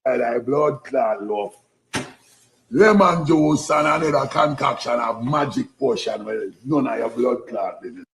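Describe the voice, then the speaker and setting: A man's voice: mid-range voice, expressive, measured pace, creaky. Jamaican-accented man on a noisy street. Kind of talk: casual street video talk. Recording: noisy street clip with passing traffic.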